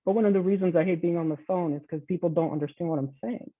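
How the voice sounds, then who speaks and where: A man's voice: on the high side, racing, no room sound. A man chatting on a roundtable video call, searching for his words as he talks. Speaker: roundtable panelist. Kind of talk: casual chat. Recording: tinny, dry call audio.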